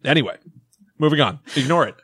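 A man's voice: on the high side, lively intonation, quick pace, fairly bright tone, breathy edge, no room sound. Joking male podcast co-host, dry sound. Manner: joking, reads listener comments aloud and mocks them. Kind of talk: casual podcast banter.

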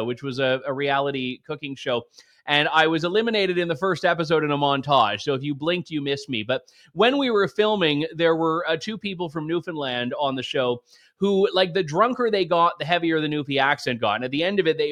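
A man's voice: sits high, bright, forceful tone. A Canadian man giving sarcastic, jokey political commentary. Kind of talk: opinion commentary.

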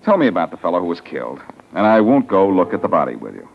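An actor playing a breezy, teasing wisecracker in a 1940s radio drama, on an old muffled recording. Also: male voice, sits low, huge pitch swings, fast talker, vocal fry, slight background noise, heavily acted. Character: wisecracking man, Blackie, tagging after the inspector.

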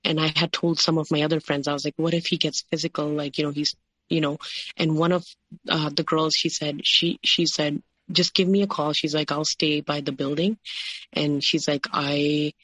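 A woman's voice: low voice, little pitch movement, moderate pace, a bit bright, no room sound. A woman telling her personal story as an interview guest, full of fillers and quoted dialogue. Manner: recounting with many "like" and "you know" fillers, quoting others.

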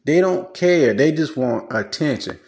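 Man, blunt advice monologue, preachy, repetitive, animated intonation. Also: on the high side, a little slow, gravelly. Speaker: commentator giving relationship advice. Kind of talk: casual monologue.

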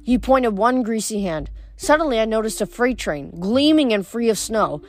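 A woman's voice: a little high, lively intonation, normal speed, faint music behind. A woman reading a novel aloud in a plain voice, with small stumbles and self-corrections. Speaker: audiobook reader.

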